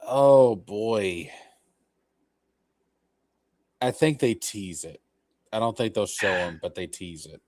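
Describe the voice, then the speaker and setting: A young man as co-host in a casual chat, enthusiastic and animated, swearing freely. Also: deep voice, unhurried, no room sound.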